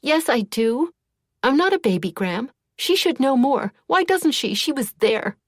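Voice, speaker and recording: A woman's voice: high-pitched, very animated, unhurried, dry recording, clean studio sound, pitched above the performer's own voice, exaggerated voice. A woman voicing a blunt, angry young woman. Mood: upset.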